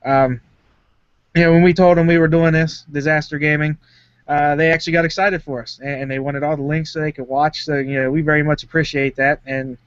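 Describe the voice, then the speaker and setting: A man's voice: fairly high pitch, clean tone, no echo. A man co-hosting a gaming podcast, telling stories casually. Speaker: podcast co-host. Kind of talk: casual chat. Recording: dry, muffled lo-fi.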